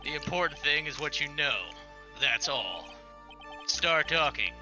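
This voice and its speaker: A man's voice: on the high side, expressive, a little slow. A man voicing a cool, brooding male prosecutor obsessed with coffee, with dramatic delivery and game music behind.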